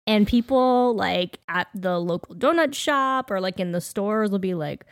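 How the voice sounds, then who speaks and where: A woman's voice: mid-range voice, unhurried, dry recording, studio quality. Chatty Canadian woman co-host. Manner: chatty and animated, laughs often. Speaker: podcast co-host. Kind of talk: casual chat.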